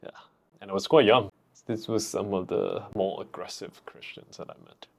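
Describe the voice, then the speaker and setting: A man's voice: on the low side, fairly even intonation, normal speed, gravelly. A young man co-hosting a podcast, chatting casually and dropping dry jokes. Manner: dry, joking interjections. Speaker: podcast co-host. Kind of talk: casual conversation.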